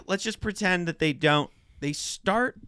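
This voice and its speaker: Giggly man with a higher voice. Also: takes it slowly, sharp tone, clear, resonant tone, no room sound. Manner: giggly, rambling, laughs often. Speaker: podcast co-host. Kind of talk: casual comedic chat.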